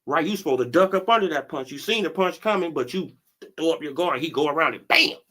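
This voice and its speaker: This boxing commentary host has a fairly high, bright, forceful voice and talks fast and animatedly. He's running a casual stream full of slang and laughter, sprinkling in "bro" and "right?"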